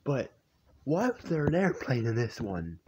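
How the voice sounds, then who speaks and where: A young man reacting to his own old videos in a hushed, half-whispered voice, incredulous and amused. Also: medium pitch, big pitch swings, measured pace, a little hiss or hum. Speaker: YouTuber. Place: home at night.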